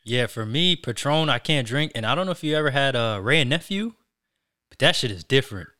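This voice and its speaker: A man co-hosting a casual chat, animated and often repeating himself. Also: medium pitch, fairly quick, dry recording, studio quality. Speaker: podcast co-host.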